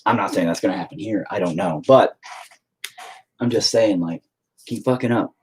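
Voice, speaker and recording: Husky, rambling man chatting while he paints. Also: fairly low pitch, normal speed, a little mellow. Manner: rambling, sarcastic, self-mocking and profane. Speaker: painting livestream host. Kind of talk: casual chat while painting. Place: at home.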